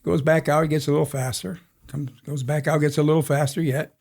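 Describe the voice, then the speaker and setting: A man's voice: a little high, level tone, quick pace, gravelly, darkish tone. A man in his sixties, a racing crew chief, telling rambling stories in a casual interview with frequent chuckles. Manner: rambling anecdotal storyteller, chuckles often. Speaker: NASCAR crew chief guest.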